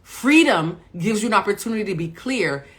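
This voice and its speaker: A woman's voice: medium pitch, lively intonation, moderate pace, a bit bright. A middle-aged woman coaching viewers on a live stream, blunt and profane, firing rhetorical questions like a preacher. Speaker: emotional intelligence coach.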